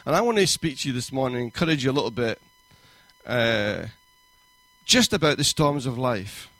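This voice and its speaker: A male pastor giving a sermon in a church, conversational and warm in pacing, with quoted asides and rising emphasis. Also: mid-range voice, animated, moderate pace, dry recording.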